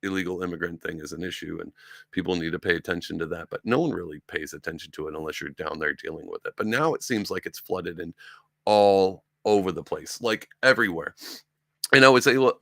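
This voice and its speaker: A young man from upstate New York with a low, gravelly voice talks through the news in a loose, rambling way. He slips into mocking voices of the people he talks about. His voice sounds dry and close, with no room around it. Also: a bit bright, dry recording. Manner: rambling, conversational, mocking impressions of others. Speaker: podcast host. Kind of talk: casual political commentary.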